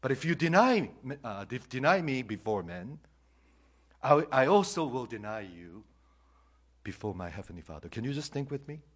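An older man who first spoke preaches a sermon with a lively, swinging delivery. He drops to hushed near-whispers, then climbs to loud, forceful peaks. He keeps turning to the congregation with questions. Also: mid-range voice, normal speed. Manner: asks the congregation repeated questions. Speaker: pastor.

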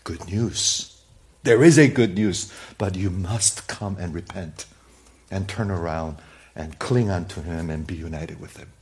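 A man preaching a sermon in a church, talking straight to the congregation and swinging from loud emphasis to hushed, near-whispered asides. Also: low-pitched, unhurried. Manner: conversational, speaks straight to the congregation with questions. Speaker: pastor.

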